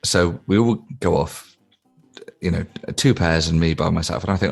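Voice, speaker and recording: A man co-hosting a comedy podcast, telling an improvised story in a deadpan way with stammering restarts. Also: low-pitched, moderate pace, vocal fry, soft background music.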